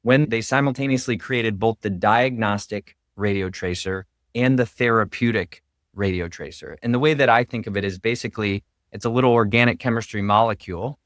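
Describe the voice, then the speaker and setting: Low-voiced man, dry close sound. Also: brisk, fairly bright tone, dry recording. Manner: earnest, explanatory, heavy on "really" fillers. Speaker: radiation oncologist guest. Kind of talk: interview podcast conversation.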